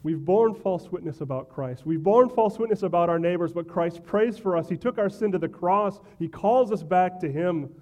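A man gives a sermon in a fairly high, easy conversational voice. He asks rhetorical "right?" questions and stumbles into small restarts. He sounds like a pastor talking directly to his church. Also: normal speed, hardly any pauses, a little mellow.

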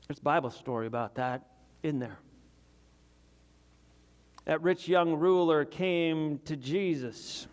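Earnest preacher man, raised pitch. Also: takes it slowly, pauses often, clear, resonant tone. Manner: earnest, swings from loud urgency to quiet confession. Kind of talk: sermon.

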